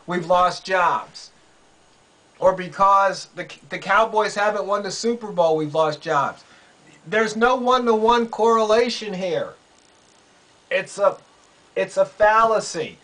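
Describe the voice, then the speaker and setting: A man's voice: high-pitched, pushed and bright, poor audio. A man giving casual political commentary, sarcastic and incredulous, often repeating himself. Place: quiet room under a roof in rain.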